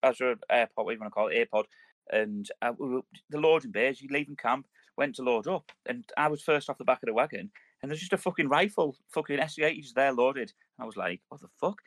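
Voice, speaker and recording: A man's voice: medium pitch, quick pace, fairly bright tone, no room sound. A man, an ex-soldier, telling rambling, sweary army stories on a podcast. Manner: rambling, restarts, heavy swearing. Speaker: podcast host, army veteran. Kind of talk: casual swearing banter, war stories.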